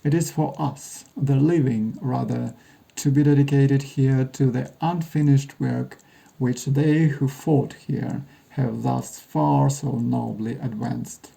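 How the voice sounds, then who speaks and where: A man's voice: medium pitch, steady tone, slow, vocal fry, mellow, poor audio. A man voicing a male guide who recites a famous old speech in solemn, declaiming oratory.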